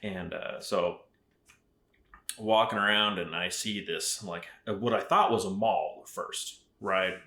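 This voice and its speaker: A man's voice: low voice, a little slow, pushed and bright. A middle-aged man from Arizona who founded a rifle company, chatting casually as a podcast guest and telling rambling stories full of fillers and swearing. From Arizona, USA. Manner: profane, rambling storyteller with frequent fillers. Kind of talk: casual chat. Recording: roomy echo.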